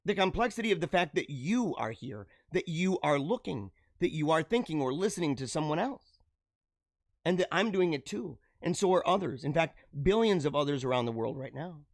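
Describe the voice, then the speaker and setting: A man's voice: on the high side, animated, normal speed, no echo, clean studio sound. A man hosting a live show, delivering an exuberant, preachy motivational monologue and laughing often.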